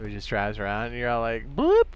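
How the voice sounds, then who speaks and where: A young man casually chatting on a gaming live stream, excitable and chatty, tossing in playful sound effects. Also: on the low side, fast talker, smooth.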